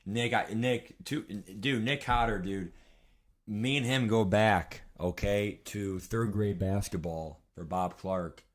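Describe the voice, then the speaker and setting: A young man with a lowish voice rants on a live stream, rambling and heated. He swears often and talks straight to his chat, restarting sentences as he goes. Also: slow. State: hungry and weak. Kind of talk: casual live-stream rant.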